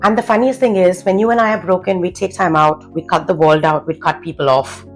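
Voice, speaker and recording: A woman confidence coach rants to camera, blunt and cursing, firing off rhetorical questions in a profane motivational tirade. Her voice is fairly low and fairly quick, with faint music behind and low-quality recording.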